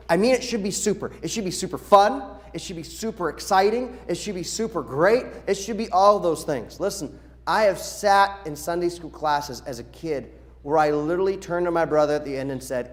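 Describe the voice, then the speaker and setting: A middle-aged pastor speaks to his congregation in a slightly raised, lively voice. He instructs the children's workers with energy, slipping into quoted voices as he goes. The talk comes from a church service. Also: a little high, fast talker. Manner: animated, acts out quoted voices. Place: church sanctuary.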